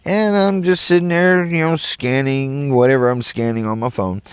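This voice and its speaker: A man's voice: medium pitch, moderate pace, smooth, dry recording. A middle-aged man with a Southern US accent telling a rambling story on his podcast, acting out the voices of the people in it. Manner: animated, rambling, acts out quoted voices. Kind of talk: casual storytelling.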